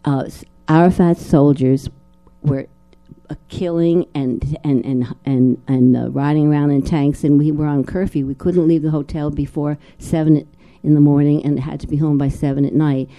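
Dark-voiced older woman telling a rambling story. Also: low voice, fairly even intonation, normal speed, faint music behind. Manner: rambling, frequent restarts and repeated words. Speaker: guest actress at a film screening talk. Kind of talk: personal storytelling in a live Q&A.

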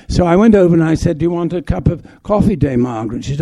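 An older man from England recounts his memories with a dark, gravelly voice. He talks in a halting, reminiscing way, restarting phrases often. The sound is close and dry. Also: on the high side, no room sound. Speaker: guest actor. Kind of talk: anecdotal stage conversation.

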